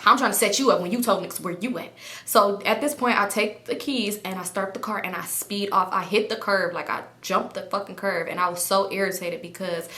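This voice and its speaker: A young woman in her twenties telling a personal story to her viewers, animated and full of profanity. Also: medium pitch, fairly quick, roomy sound. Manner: animated, profane, laughing often. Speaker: storytime vlogger. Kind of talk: casual storytelling.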